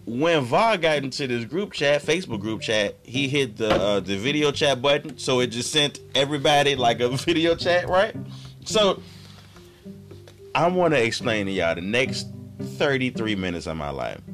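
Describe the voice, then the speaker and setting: A man's voice: normal speed, music in the background. A man co-hosting a podcast, telling a story in a casual, profane way and acting out his friends' voices. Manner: animated, profane, acts out quoted friends with big pitch jumps. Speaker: podcast co-host. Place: podcast studio.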